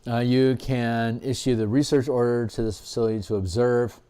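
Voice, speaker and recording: A tired man working through game design on a livestream, thinking aloud with halting restarts and repeats. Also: medium pitch, flat delivery, dark tone, clean tone. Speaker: game designer streaming his work.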